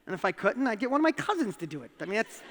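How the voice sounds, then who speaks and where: A man with a New York accent tells a personal story on stage, his voice rising sharply with emphasis. He speaks in a fairly high register for a man. A long hall reverb trails each phrase. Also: racing, a little hiss or hum. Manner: animated storytelling, emphatic rises. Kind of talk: motivational talk.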